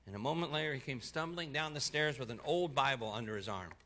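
A man preaching, telling a testimony in the first person and voicing the people in it, going quiet for the sad parts. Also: mid-range voice, fast talker. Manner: voices the people in the story, dropping soft for sad parts and lifting for excited ones. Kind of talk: sermon storytelling, reading a testimony aloud.

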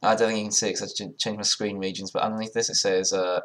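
A man's voice: low-pitched, fast talker, gravelly, few pauses. A young man casually commenting while taking an online quiz, thinking aloud and swearing sarcastically. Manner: sarcastic, swears often, sudden loud outbursts; thinks aloud, muttering guesses. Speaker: video creator.

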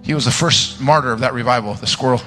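Bright, lively charismatic preacher man. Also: mid-range voice, fast talker, soft background music. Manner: animated, joking storyteller, loud fervent praying. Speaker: guest preacher. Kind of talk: charismatic sermon with prayer.

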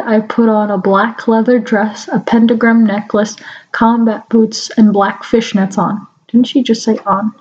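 A young woman reads a clumsy story aloud at an unhurried pace, her voice sitting slightly high. She keeps breaking into giggles and adds mocking asides. The recording sounds dull and lo-fi. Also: darkish tone. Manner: giggling often, mocking the text. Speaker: fanfic reader. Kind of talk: dramatic reading with commentary.

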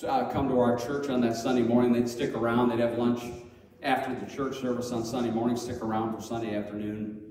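A middle-aged man telling a personal story as a Sunday school teacher, lively and acting out the voices of others. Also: medium pitch, a little fast. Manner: animated, acts out quoted voices loudly. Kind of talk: storytelling sermon. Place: church hall. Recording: echoey hall from far off.

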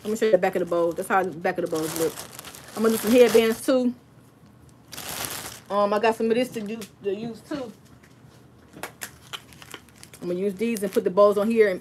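A woman hosting a crafting livestream from her home craft room, talking fast and chatty and laughing often. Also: mid-range voice, noisy background. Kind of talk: casual livestream chat and craft demo.

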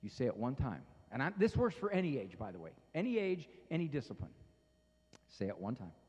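Animated man telling stories in a hall. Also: mid-range voice, fairly quick, slightly rough. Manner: animated storytelling, acts out voices. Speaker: speaker on parenting. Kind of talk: humorous talk to a live audience.

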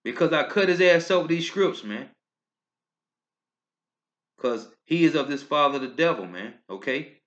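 Reading scripture in a sermon video, this street preacher has a fairly high, slightly bright, expressive voice. He is unhurried, leaving long pauses between emphatic bursts that rise and fall, and ends lines with "man, okay?" The lo-fi sound is dull.

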